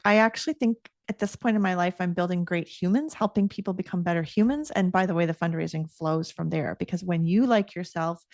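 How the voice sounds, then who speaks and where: A woman's voice: on the low side, darkish tone, no echo, studio quality. A woman guest, a coach, giving earnest and reflective interview answers, sometimes searching for words.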